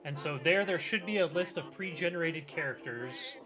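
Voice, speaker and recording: A man's voice: fairly high pitch, moderate pace. A man in a chatty, loose way explaining the rules as game master of a tabletop game, with lots of fillers. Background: background music.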